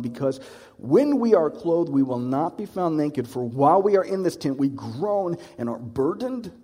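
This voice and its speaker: A man's voice: mid-range voice, dark tone, slightly rough, long reverb tail. A man preaching a sermon, conversational and reflective, with many rhetorical questions.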